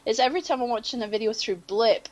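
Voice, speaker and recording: A woman's voice: on the high side, fast, lo-fi sound. A woman in casual podcast chat, swearing freely and laughing, her voice going a bit cracky.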